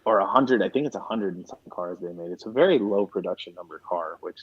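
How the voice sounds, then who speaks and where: Animated storytelling man, dull lo-fi sound. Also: sits low, quick pace, husky, no room sound. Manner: animated, acts out both sides of a phone call. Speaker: guest, classic car dealer. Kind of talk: casual storytelling chat.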